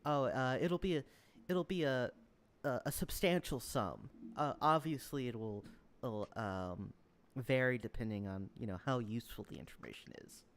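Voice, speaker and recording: A man voicing a smooth, evasive male advisor who hedges about a reward in a tabletop game. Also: mid-range voice, normal speed, a bit bright, close to an everyday voice. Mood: officious. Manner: hedging, officious.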